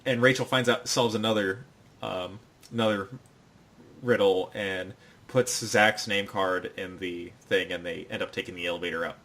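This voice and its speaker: A man's voice: low voice, fairly even intonation, normal speed, a bit bright. A man hosting a podcast, retelling a show's plot in a rambling, casual way full of fillers. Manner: rambling, filler-heavy storytelling. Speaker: podcast host. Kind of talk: casual recap chat.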